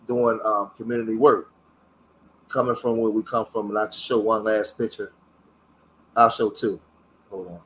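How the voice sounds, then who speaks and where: A middle-aged man, a community activist, talks casually on his own livestream, halting and searching for words with many fillers, earnest about his past. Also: fairly low pitch, fairly bright tone, a little hiss or hum. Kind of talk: casual livestream talk while showing photos.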